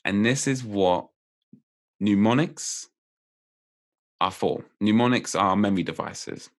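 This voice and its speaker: A man appearing as a podcast guest and memory coach. He explains memory techniques in casual chat, lively and playful, laughing often as he goes. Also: fairly low pitch, takes it slowly.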